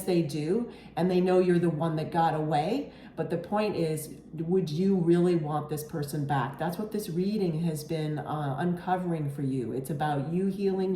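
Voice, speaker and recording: Low, mellow-voiced woman reading tarot. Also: roomy sound, slight background noise. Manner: earnest, reassuring, often asks "okay?"; emotional, near tears at moments. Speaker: tarot reader.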